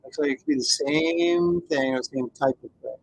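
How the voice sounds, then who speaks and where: Man, middle-aged, livestream host, gravelly voice, rambling, chuckles often. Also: a little high, moderate pace, slight background noise. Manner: chuckling, rambling, reads chat comments aloud. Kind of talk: casual livestream chat.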